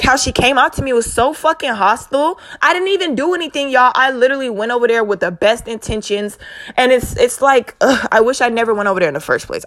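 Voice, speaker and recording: A young woman telling a storytime rant to her viewers, animated and exasperated, with heavy cursing. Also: on the high side. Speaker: vlogger.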